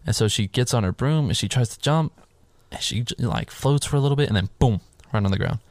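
As a podcast co-host, a man casually recaps a film's plot, swearing freely and acting out his own reactions. His mid-range voice is brisk with a darkish tone, and the recording is dry.

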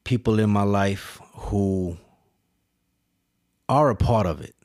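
A man's voice: lowish voice, slow pace, darkish tone, no echo, studio quality. A man hosting a solo podcast, talking earnestly and emphatically to his listeners, with restarts and repeated words. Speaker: podcast host. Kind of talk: solo reflective monologue.

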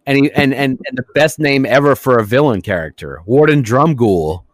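A man's voice: mid-range voice, moderate pace, no echo. Podcast guy riffing on old action movies, bouncy voice, cusses a lot, dry sound. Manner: animated, profane, bursts into shouted impressions. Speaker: podcast co-host. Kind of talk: casual movie-riffing chat.

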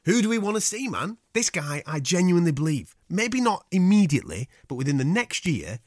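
A man co-hosting a sports podcast in a matey, lively way, swearing freely. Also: high-pitched, a little fast, dry recording, clean studio sound. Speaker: podcast co-host. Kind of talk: casual sports chat.

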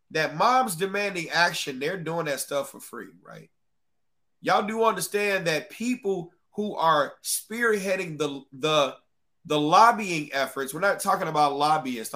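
A man's voice: a little high, pushed and bright. A man hosting a casual livestream, talking straight to his chat with blunt, profane remarks. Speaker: livestream host.

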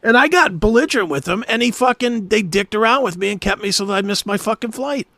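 High, gravelly man telling a heated story. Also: lively intonation, quick pace, fairly bright tone, dry recording, clean studio sound. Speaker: podcast guest. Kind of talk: casual storytelling.

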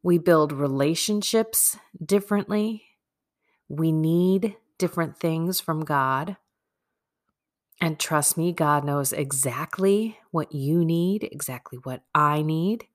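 A woman's voice: deep voice, takes it slowly. A woman hosting a podcast with a stuffy nose and a phlegmy voice, chatting in a rambling, self-deprecating way about prayer practice. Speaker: podcast host. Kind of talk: casual spiritual talk. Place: home room.

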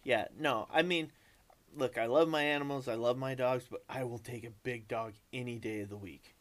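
A man's voice: mid-range voice, normal speed. A man in casual podcast chat, swearing freely and acting out quotes as he tells stories. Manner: profane, animated storyteller acting out quotes. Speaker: podcast co-host.

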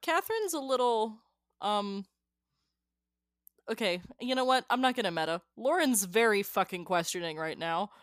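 A woman's voice: mid-range voice, animated, normal speed, no echo, studio quality. A woman player chatting casually at a tabletop game.

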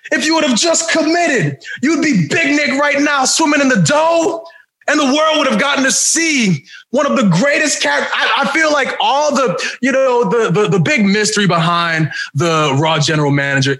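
A man co-hosting a casual chat, animated and jokey, often slipping into impressions of others. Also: extremely high pitch, echoey room, poor audio.

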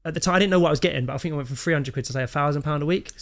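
Brisk, animated male podcast guest in his thirties, slightly raised pitch. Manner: animated anecdotes, acts out quoted lines. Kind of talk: casual storytelling chat.

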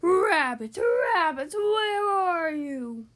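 A hungry, huffy young wolf boy from a storybook howls for rabbits in long, stretched calls, as a woman puts him on. The voice soars high and loud, swinging widely in pitch. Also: animated. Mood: howling. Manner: howling, drawn-out calls.

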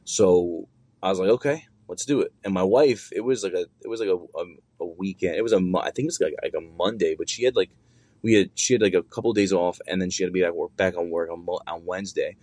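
A man's voice: deep voice, quick pace, a little mellow, no room sound. A young adult man casually telling a long personal story, rambling and swearing with many fillers and restarts.

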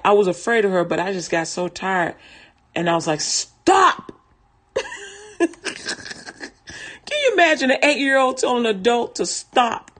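Woman, casual storyteller, rambling, laughs between lines, talks like she's chatting with a friend. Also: medium pitch. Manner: rambling, laughs often, restarts sentences; vernacular, conversational speech.

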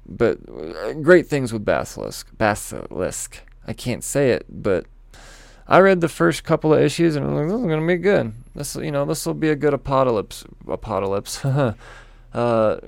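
A man talks slowly through his comic picks, with a gravelly, fry-heavy voice. He trips over names, swears freely and jokes about himself. The sound is dry and close, with no room echo. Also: on the low side. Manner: rambling, stumbling over names, self-deprecating, swears. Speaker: comics vlogger. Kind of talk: casual rambling comic preview.

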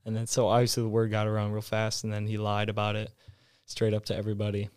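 A young man in casual chat, relaxed and rambling, with lots of filler words. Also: on the low side, quick pace, smooth, no echo, clean studio sound.

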